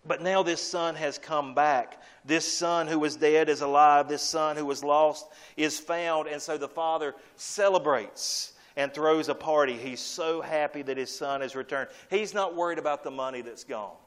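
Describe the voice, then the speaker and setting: Male pastor, emphatic preacher who repeats lines, a touch high-pitched. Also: moderate pace, hardly any pauses. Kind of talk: sermon.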